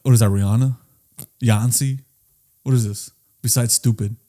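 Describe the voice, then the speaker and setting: A man's voice: mid-range voice, steady tone, moderate pace, dark tone. A man co-hosting a podcast in casual chat, teasing and laughing and swearing freely. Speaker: podcast co-host.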